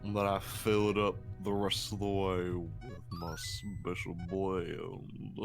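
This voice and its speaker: A man voicing a crude male wolf creature who boasts slowly about the drink he is mixing. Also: low-pitched, flat delivery, creaky, music in the background, exaggerated voice. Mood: boastful.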